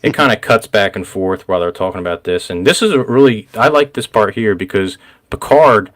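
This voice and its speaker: Guy hosting a show recap, kinda low voice, rambly and laughs a lot. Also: a little fast. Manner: rambling, laughs often, gets excited. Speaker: podcast host. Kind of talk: casual recap chat.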